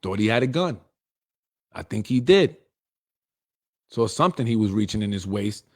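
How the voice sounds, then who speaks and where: A man's voice: lowish voice, lively intonation, normal speed, a little mellow. A middle-aged man hosting a political show, delivering a blunt, confrontational, streetwise monologue. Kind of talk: heated monologue.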